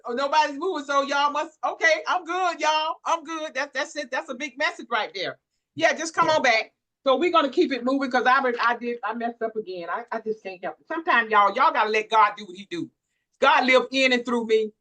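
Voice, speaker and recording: A woman's voice: high voice, fairly quick, bright, forceful tone. A woman hosting a virtual workshop, exuberant and preacher-like, hyping the audience with church phrases. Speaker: workshop host. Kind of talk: lively church-inflected hosting. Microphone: virtual workshop call.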